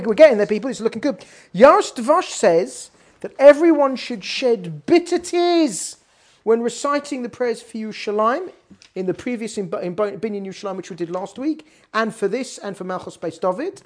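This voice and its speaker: A woman's voice: mid-range voice, fast talker. A woman giving a weekly Torah class on prayer, talking emphatically with frequent restarts. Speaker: Torah teacher.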